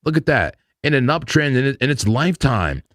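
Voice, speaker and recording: A very animated, fairly bright medium-pitched voice runs at normal speed, in studio-quality sound with no room noise. This man hosts a live crypto trading stream, talking through charts loosely in slang and laughing often.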